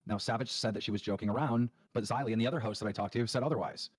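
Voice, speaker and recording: A man's voice: mid-range voice, racing, breathy edge, dry recording. A man hosting a livestream show, talking bluntly and emphatically with plenty of profanity. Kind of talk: livestream commentary.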